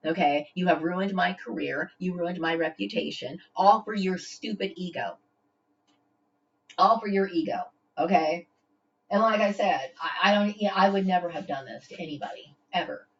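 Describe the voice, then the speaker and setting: A woman's voice: fairly low pitch, moderate pace. Confrontational woman, lo-fi recording. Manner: confrontational, repeats "okay?" often; stammers and restarts when upset. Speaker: vlogger. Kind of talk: direct-to-camera rant. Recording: dull lo-fi home recording.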